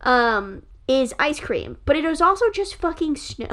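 A woman chatting casually as a podcast co-host, swearing freely and ranting with excitement. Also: sits high, a little slow. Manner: profane, excitable, rants loudly. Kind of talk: casual chat.

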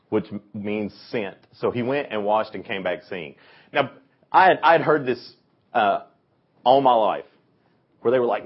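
A man teaching a youth Bible lesson, telling the story in an animated way and acting out the voices of its people. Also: fairly low pitch, moderate pace, husky. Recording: dull lo-fi recording.

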